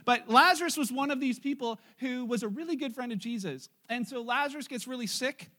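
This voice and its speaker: A man's voice: very high-pitched, brisk, sharp tone. A man preaching a sermon in church, retelling a Bible story in a casual, joking way to his congregation. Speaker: pastor.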